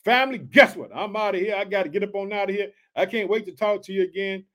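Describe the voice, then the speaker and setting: A man preaching an informal sermon, reading scripture and breaking off to address listeners as family in an excited, slangy, emphatic way. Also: sits high, fast.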